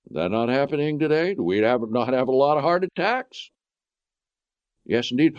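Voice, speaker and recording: A man's voice: mid-range voice, expressive, normal speed, darkish tone, no room sound. A man preaching a sermon, emphatic and full of rhetorical questions. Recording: dull lo-fi recording.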